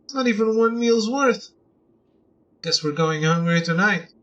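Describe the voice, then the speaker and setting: A man voicing a small excitable female floating companion who speaks of herself by name. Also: sits high, unhurried, lo-fi sound, heavily acted. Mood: flustered. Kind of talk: reading game dialogue aloud.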